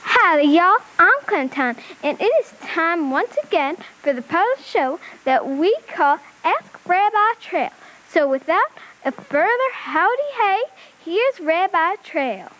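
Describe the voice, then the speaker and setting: Brief: cowgirl puppet for kids, woman voicing, Southern drawl, high and sing-song, eager. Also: lively intonation, measured pace, a bit bright, heavily acted, rough recording. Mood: chipper. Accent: put-on Southern US drawl. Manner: folksy, eager. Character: chipper young cowgirl puppet. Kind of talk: children's puppet show.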